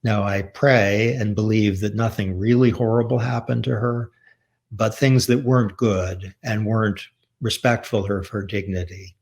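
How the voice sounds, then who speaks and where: A man giving a public lecture, speaking in a measured, earnest and reflective way as he tells a personal story. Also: fairly low pitch. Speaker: author giving a talk.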